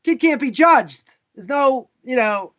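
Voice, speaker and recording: A man, a rabbi, teaching a live class in a casual, animated way, telling stories with lots of asides. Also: extremely high pitch, slow pace, highs cut off. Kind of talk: live lesson with storytelling.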